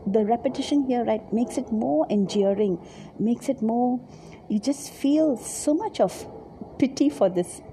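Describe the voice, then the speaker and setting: A woman with a deeply mellow, dark-toned voice leads a devotional Bible reflection. She speaks gently and haltingly, often repeating words, and sometimes sinks into a soft whisper. A faint noise sits under her voice. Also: expressive. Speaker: Bible teacher.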